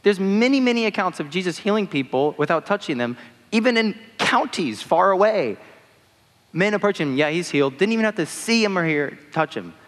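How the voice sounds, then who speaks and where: Casual young preacher in an echoing hall. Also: male voice, sits high, big pitch swings, normal speed, a bit bright. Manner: conversational, uses many fillers like "like" and "you know". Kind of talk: casual sermon. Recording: long hall reverb.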